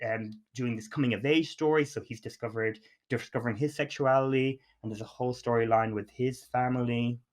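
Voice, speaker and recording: A man's voice: medium pitch, a bit bright. A man co-hosting a podcast, chatting casually and enthusiastically about films, rambling with frequent restarts. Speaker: podcast co-host. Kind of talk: casual film chat.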